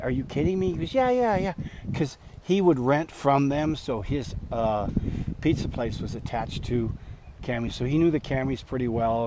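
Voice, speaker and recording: An older man in his sixties tells a long, loose story outdoors. He talks in a relaxed way full of ums and restarts, and chuckles now and then. There is clear background noise from outside around his voice. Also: medium pitch. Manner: rambling, chuckling, with frequent fillers and restarts. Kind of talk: casual spoken storytelling.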